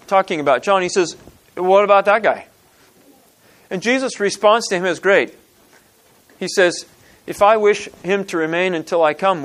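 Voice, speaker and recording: A man preaching a sermon, retelling a parable with animated storytelling and acting out the characters' lines. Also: fairly high pitch. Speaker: pastor.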